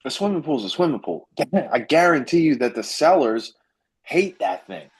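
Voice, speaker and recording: A man coaching a group on a video call, emphatic and animated, repeating his points to drive them home. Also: on the high side, moderate pace, husky. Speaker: business coach.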